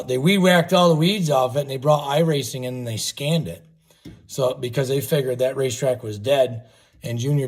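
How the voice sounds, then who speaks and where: A man's voice: medium pitch, darkish tone, husky. A man hosting a casual livestream, talking in a rambling, folksy way and swearing offhandedly. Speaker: livestream host.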